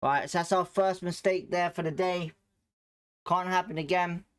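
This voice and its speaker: Hosting a live football watchalong, a man with a slightly high voice gives excitable play-by-play and reacts loudly to the chances. Between plays, he greets chat viewers casually and warmly, speaking at a moderate pace in a clear, resonant tone.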